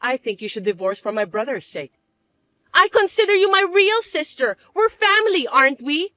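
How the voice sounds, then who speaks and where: A woman voicing a scheming, entitled sister-in-law who talks in a sneering, shrill way. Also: big pitch swings, normal speed, bright, forceful tone, no echo, heavily acted. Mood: pleading. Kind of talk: dramatized story dub.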